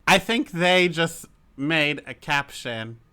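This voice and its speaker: A young woman co-hosting a podcast in casual chat, chatty and teasing, with quick asides. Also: deep voice, animated, pushed and bright, clean tone. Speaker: podcast co-host.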